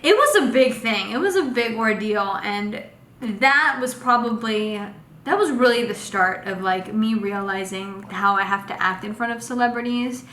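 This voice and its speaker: A young woman casually telling a personal story in a vlog, animated and full of fillers. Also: medium pitch, normal speed. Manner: animated, acts out quotes with lots of fillers. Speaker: vlogger. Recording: echoey room with faint noise.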